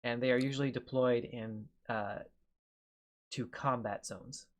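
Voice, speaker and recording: Sex: man. Figure: man putting on a proud naval captain. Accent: put-on French. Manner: formal, halting. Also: mid-range voice, steady tone, lightly acted. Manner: formal, halting, with many fillers.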